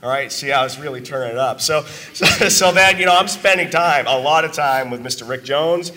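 Earnest, emotional man with a bright voice. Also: a little high, brisk. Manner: earnest and emotional, with emphatic asides. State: voice worn from talking a lot. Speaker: business owner giving a testimonial. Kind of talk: testimonial speech to a live audience.

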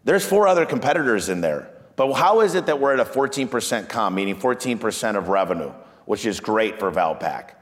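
A man's voice: brisk, few pauses, in a large hall. A man, a business owner, talking energetically about marketing and sales, telling stories and acting out what customers say. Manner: energetic storyteller, acts out quoted clients in a higher voice. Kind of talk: animated business talk.

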